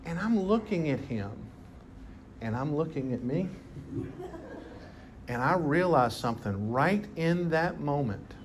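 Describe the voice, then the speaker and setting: A man preaching a sermon to a congregation, telling a story with animated emphasis. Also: on the high side, a little slow, long pauses, slight background noise. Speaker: pastor. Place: church hall with congregation.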